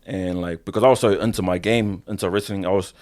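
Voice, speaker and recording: Kiwi guy w a lowish voice, wrestler on a podcast, super casual, lots of bro and swearing. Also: steady tone, fast talker, a little mellow. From New Zealand. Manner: loose slangy talk, swears often, says "bro". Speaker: professional wrestler, podcast guest. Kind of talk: casual interview storytelling.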